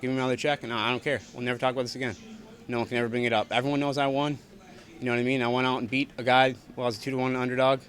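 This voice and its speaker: A man's voice: medium pitch, flat delivery, rapid-fire, a bit bright. A young man, a fighter, answering reporters after a bout in a blunt, profane, repetitive way. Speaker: fighter at post-fight press scrum. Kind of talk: post-fight interview answers. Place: arena backstage press area.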